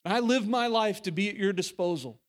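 Here a man with a high voice preaches a sermon as pastor, moving at a fairly quick pace. There is real conviction in how he speaks, despite frequent stumbles and restarts, and he shifts from sudden soft, personal lines back up to emphatic ones.

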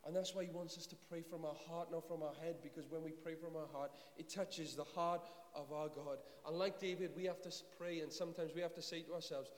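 A man's voice: fairly high pitch, fairly even intonation, a little fast. A man preaching a sermon in a church, earnest and pleading, repeating phrases for emphasis. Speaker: pastor. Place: church hall. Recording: echoey hall with faint hiss.

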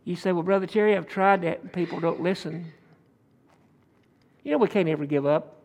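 A man preaches, his voice sitting notably high for a man. He spins homespun stories into his sermon and draws amens from the congregation as he goes. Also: brisk, vocal fry, a little mellow. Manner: preaching with folksy stories and call-and-response. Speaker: pastor.

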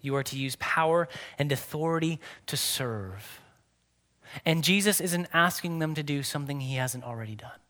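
A man preaching a sermon with earnest emphasis, at times slowing down and dropping to a near whisper. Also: fairly high pitch, a bit bright. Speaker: pastor.

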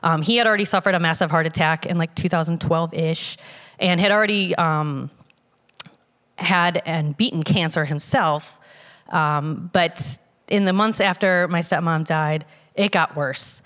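Woman, lowish voice, conversational personal testimony, halting with fillers; long hall reverb on the recording. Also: fairly bright tone. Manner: conversational with many fillers and restarts. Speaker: storyteller sharing a personal testimony. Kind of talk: casual spoken personal story.

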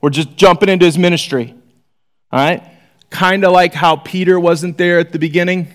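A man's voice: high-pitched, steady tone, normal speed. A man teaching a casual Bible study, reading scripture aloud with rising emphasis and chatty asides to listeners.

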